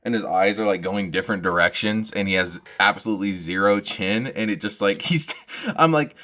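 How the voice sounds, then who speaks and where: A man's voice: fairly low pitch, brisk, pushed and bright. A young man with hiccups, doing a rambling, self-deprecating comic monologue and laughing at his own jokes. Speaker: comedian vlogger.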